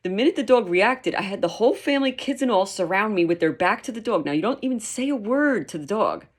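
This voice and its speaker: A woman dog trainer explaining her methods in a lively, emphatic way, sometimes acting out quotes. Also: mid-range voice, fast. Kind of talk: instructional talk.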